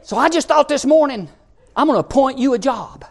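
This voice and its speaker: A man preaching a sermon as pastor, joking with the congregation and building up to shouted passages. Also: extremely high pitch, lively intonation, brisk, creaky.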